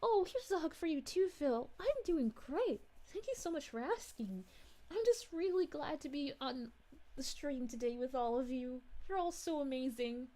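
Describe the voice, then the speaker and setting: A woman's voice: high-pitched, animated, normal speed, dark tone. A woman voicing a cheerful, motherly space princess, reading live-stream chat in character with bubbly, giggly, gushing thanks.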